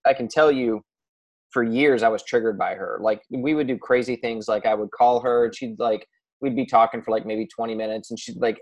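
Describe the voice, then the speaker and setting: A man's voice: medium pitch, fairly even intonation, quick pace. A man coaching a client on a casual call, blunt and swearing freely, with many restarts.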